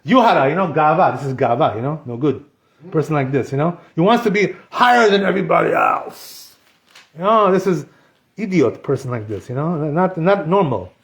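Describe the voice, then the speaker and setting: Male rabbi, high voice, conversational Torah lesson, echoey hall sound, keeps saying "you know". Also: very animated, brisk, creaky. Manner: conversational, constantly says "you know", mixes in Hebrew terms. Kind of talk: informal Torah class. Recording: echoey room.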